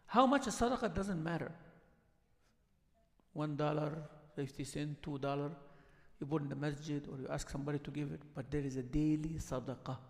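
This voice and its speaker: Earnest imam with gravelly voice, echoing hall. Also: male voice, on the high side. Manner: earnest and instructive, repeating points and asking the room for agreement. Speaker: imam giving a talk. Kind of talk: mosque talk to the congregation. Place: mosque hall.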